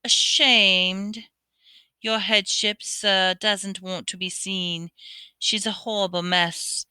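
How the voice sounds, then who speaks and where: Woman reading as an oily male poltergeist, cackling, gleeful, bright crisp tone, dry close sound. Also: medium pitch, steady tone, slow pace, no echo.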